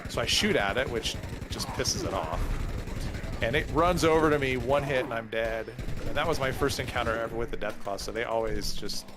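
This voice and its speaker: A man in a group game stream, mid-pitched and easygoing, telling anecdotes with small hesitations. A faint hiss sits under his voice. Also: brisk. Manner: relaxed storytelling, hesitant fillers. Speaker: co-player. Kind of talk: casual gaming chat.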